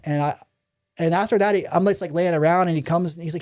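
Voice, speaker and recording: Rambling storyteller man, mellow voice. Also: on the high side, brisk, clear, resonant tone. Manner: rambling, many ums, profanity, acts out quoted voices. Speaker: podcast guest. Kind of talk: candid storytelling interview.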